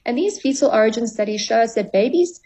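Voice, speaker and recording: A woman's voice: a little high, expressive, fast talker, mellow, husky, low-quality recording. A woman therapist as a radio guest, explaining at length and acting out dialogue with clients. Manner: explanatory, acts out quoted dialogue. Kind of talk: radio interview.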